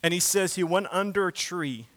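Bright-voiced man preaching casually. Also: sits high, moderate pace, no echo. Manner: casual, conversational preaching with slang asides; swings between loud emphatic bursts and quiet reflective stretches. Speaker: pastor. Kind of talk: sermon.

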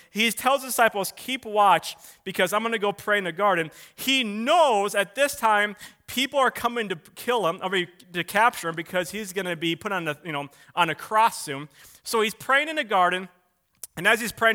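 Male pastor, high bright voice, casual storytelling sermon, lively on quoted lines. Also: moderate pace, clear, resonant tone. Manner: animated, acts out quotes in a raised voice; loose, conversational with restarts.

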